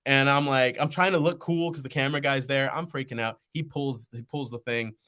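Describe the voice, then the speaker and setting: A young man, a podcast guest, telling stories in casual chat, animated and laughing often as he acts out quoted voices. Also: mid-range voice, a little fast.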